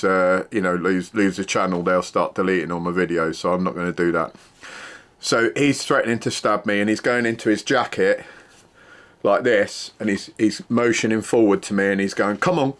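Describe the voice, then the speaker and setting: A man's voice: deep voice, fairly even intonation, moderate pace, a bit bright. A middle-aged man, a former security worker, telling a story in a casual, matter-of-fact way with plenty of fillers.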